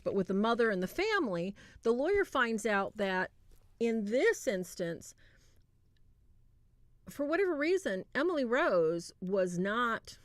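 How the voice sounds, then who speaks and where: A woman hosting a livestream, retelling a film in a casual, animated way and acting out quoted lines. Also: fairly high pitch, no echo. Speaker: livestream host reviewing a film.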